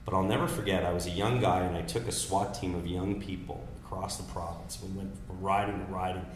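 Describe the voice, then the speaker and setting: A man in his thirties, a political strategist, telling campaign stories in casual, animated talk with many restarts. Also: sits low, a little fast. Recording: echoey room with faint noise.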